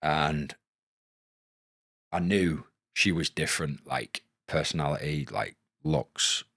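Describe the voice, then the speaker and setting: Podcast guest: man, 30s, extremely low voice, dry close mic, frank casual storyteller who swears. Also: slow, fairly bright tone, dry recording. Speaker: podcast guest, former footballer. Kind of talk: candid storytelling.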